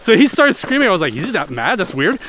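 Playful family dad. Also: male voice, high-pitched, sing-song, fast, fairly bright tone. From Québec, Canada. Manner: playful, teasing, laughs often. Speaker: family vlogger. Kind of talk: casual family vlog chat. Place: snowy forest trail outdoors.

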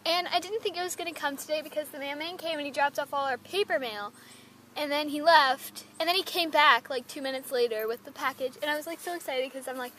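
A woman's voice: high-pitched, a bit bright, slight background noise. A teenage girl vlogging as she opens a package from a friend, gushing and giggling, exclaiming over each item. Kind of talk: excited package-opening vlog.

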